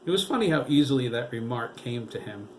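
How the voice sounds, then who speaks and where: Male narrator for a novel reading, steady, mid-range voice. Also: medium pitch, brisk, slight background noise, low-quality recording. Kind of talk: audiobook reading.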